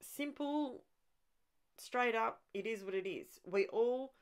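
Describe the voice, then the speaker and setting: A woman with a clear, resonant voice on the high side speaks slowly as she hosts a crafting video. Her talk is chatty and meandering, full of restarts as she thinks aloud, and she's eager about getting messy with art.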